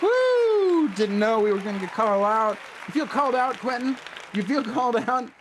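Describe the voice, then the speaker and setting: A man's voice: high-pitched, flat delivery, brisk, crowd noise, noisy background. A man hosting a live improv comedy stream, reading out audience suggestions with plenty of ums and laughs. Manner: chatty and loose, with many ums and laughs. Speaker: improv show host.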